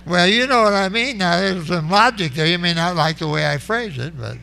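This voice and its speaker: A man preaching a sermon as pastor, emphatic, with sudden loud bursts. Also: high-pitched, animated, normal speed, creaky, slight background noise.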